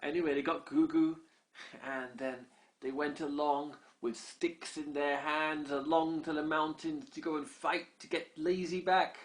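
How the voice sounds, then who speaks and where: A parent spins an improvised bedtime story in a soft, unhurried voice of middling pitch, often sinking low and hushed. The telling is gentle and conversational, pausing to answer a child's questions. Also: steady tone.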